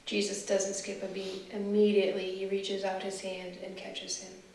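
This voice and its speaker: A woman guest speaker leading a guided scripture meditation, asking the listener slow, reflective questions. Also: mid-range voice, monotone, darkish tone. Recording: echoey room from far off, faint hiss.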